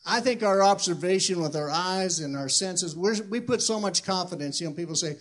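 An older man in his sixties preaching as a pastor, reading scripture slowly and loudly, then talking fast and conversational. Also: high voice. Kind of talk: sermon.

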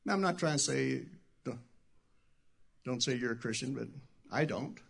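A middle-aged man preaching a sermon as pastor, talking conversationally and jumping between quiet asides and loud shouted bursts. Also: mid-range voice, lively intonation, normal speed, vocal fry, husky.

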